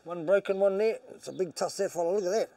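New boxing trainer and hunter, rapid and high, swears freely, dry distant sound. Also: male voice, no room sound. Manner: animated, tells stories, swears. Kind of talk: casual storytelling.

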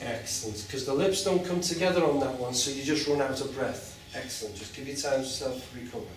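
A man leading a group through a guided chakra meditation with slow, soothing instructions and long chanted tones, in a large room with an audience. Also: mid-range voice, slight background noise. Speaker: meditation teacher. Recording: echoey hall from far off.

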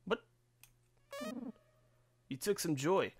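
A man's voice: a little high, lively intonation, measured pace. Let's play host, man, rambling and profane, easy laughter. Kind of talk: casual gameplay commentary.

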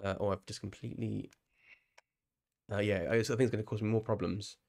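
English guy streaming a game live, chatty and rambly, fairly low voice, laughs a lot. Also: flat delivery, a little fast, creaky, darkish tone. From England. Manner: rambling and chatty, often restarting phrases and laughing. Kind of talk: casual live-stream commentary.

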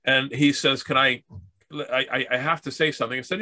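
Canadian male speaker, bright voice, casual rambling storyteller, dry close sound. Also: medium pitch, fairly even intonation, brisk, no echo. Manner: rambling, with restarts and acted-out dialogue. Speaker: speaker telling stories about accessibility.

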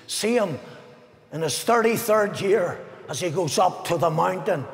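A man preaching a fervent evangelistic sermon as pastor, swinging between ringing declamation and hushed, solemn passages in a large arena. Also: on the high side, expressive, a little slow, creaky. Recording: echoey arena with long reverb.

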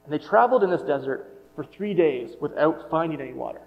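A man's voice: fairly high pitch, animated, quick pace, creaky. Man preaching in a reverberant hall. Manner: conversational, self-correcting, wonders aloud. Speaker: pastor. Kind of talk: sermon. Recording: muffled sound with long hall reverb.

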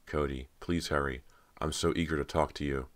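Soft ghostly sister, as a man puts her on. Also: steady tone, moderate pace, dry recording. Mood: coaxing. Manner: soft, low, beckoning delivery. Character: ghostly teenage sister, soft, coaxing, cool.

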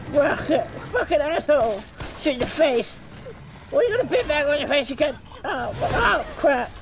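A man with a high, jumpy voice that swoops wildly up and down, cursing and yelling at the screen. He drags his words slowly between outbursts, over a noisy mix of game sounds. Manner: constant swearing, shouting and panicked yelps. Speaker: gaming streamer. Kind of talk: gaming commentary.

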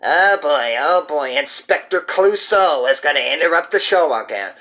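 A man doing a bouncy, bright stuffed-animal puppet. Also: a little high, lively intonation, normal speed. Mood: mocking. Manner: bouncy, mocking, confused. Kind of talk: puppet comedy sketch.

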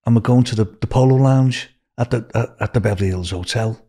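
Husky Liverpool man spinning a yarn. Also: mid-range voice, a little fast. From Liverpool, England. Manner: rambling, animated anecdote-telling with restarts. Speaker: guest. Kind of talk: casual storytelling.

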